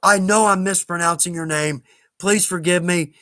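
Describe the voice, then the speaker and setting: A man's voice: high voice, fairly even intonation, moderate pace, fairly bright tone, dry recording. A man with a Southern US accent hosting a live stream, chatting casually and rambling a little as he answers viewer questions with self-deprecating asides.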